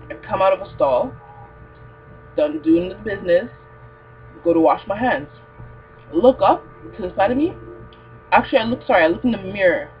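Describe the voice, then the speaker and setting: A young woman tells a rambling, profane story straight into her camera, packed with slang and fillers. The recording is dull and lo-fi, with a faint electrical hum underneath her voice. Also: on the low side. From Toronto, Canada. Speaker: vlogger.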